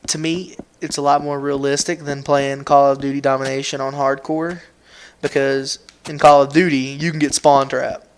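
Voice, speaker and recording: A man's voice: medium pitch, slight background noise. Laid-back Southern man rambling on. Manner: rambling, repeats words and restarts, laid-back. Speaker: gaming video host. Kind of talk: casual rambling commentary.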